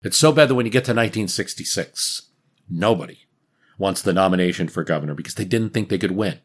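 A man narrating a scripted history podcast as its host, dramatic and wry. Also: fairly low pitch. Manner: dramatic storytelling with wry asides.

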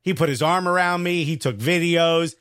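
A man with a New York accent, a comedian co-hosting a podcast and telling an excited, slangy story in casual chat. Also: a little high, moderate pace, no echo, clean studio sound.

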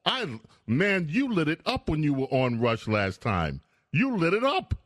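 A man's voice: on the high side, wildly swooping pitch, a little slow, fairly bright tone, dry recording. A man hosting a call-in radio talk show, emphatic and insistent, cutting in by repeating the caller's name from a studio mic. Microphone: studio microphone.

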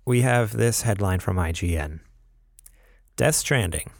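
A man's voice: low voice, moderate pace, creaky, a little mellow, no echo, studio quality. A young man co-hosting a podcast in casual chat, rambling with lots of fillers. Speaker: podcast co-host.

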